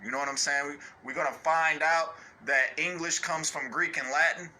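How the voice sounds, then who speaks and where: An online ranter, a man with fairly even intonation, talks at a normal speed in a sharp tone. His unscripted rant is blunt and profane, he keeps asking "you know what I'm saying," and he mocks others in high, put-on voices.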